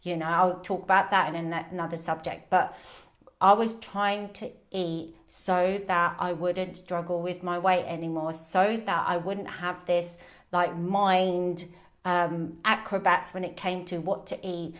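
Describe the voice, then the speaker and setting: A woman's voice: lowish voice, little pitch movement, measured pace. A woman coach talking candidly on a live video about food, rambling with fillers and restarts. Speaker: binge eating coach. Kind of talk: casual live video talk.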